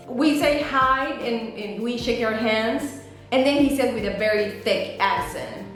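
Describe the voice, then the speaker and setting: A woman, telling a storytime vlog and acting out quotes with dramatic jumps in pitch. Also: moderate pace. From Mexico. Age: 30s. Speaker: vlogger. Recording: very echoey room, faint music.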